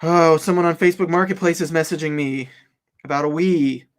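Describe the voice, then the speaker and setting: Excitable man with a higher voice, live-streaming. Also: brisk. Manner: excitable, chatty, laughs often, talks straight to viewers. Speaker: online reseller hosting a live stream. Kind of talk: casual live-stream chat. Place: home office.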